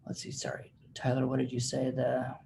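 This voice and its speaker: A man's voice: mid-range voice, completely flat delivery, normal speed, vocal fry, mellow, a little hiss or hum. Chatty man leading a training class. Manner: chatty and informal, many fillers, laughs while telling stories. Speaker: real estate class instructor. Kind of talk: casual teaching of a training session.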